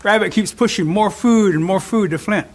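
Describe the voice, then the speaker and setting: Male storyteller, high voice, animated oral telling of a folk tale. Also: normal speed. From Cherokee Nation. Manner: animated, expressive.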